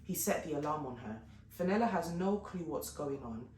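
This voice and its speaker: A woman vlogger telling a story in a casual, animated way, often turning to her viewers. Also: deep voice, moderate pace. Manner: animated, chatty retelling with frequent asides to viewers. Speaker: fashion and lifestyle vlogger. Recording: echoey room with faint background noise.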